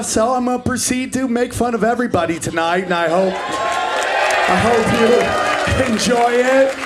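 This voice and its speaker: A man in his forties doing a stand-up comedy set on a club stage, brash and profane, jumping into characters in quick bursts. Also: high-pitched, noisy background. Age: 40s. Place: comedy club stage before a live audience.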